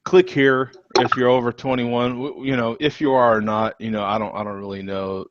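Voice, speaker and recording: A man's voice: medium pitch, fairly even intonation, moderate pace, no room sound. A man co-hosting a casual beer-tasting chat, joking and laughing easily, heard over dull, dry online call audio.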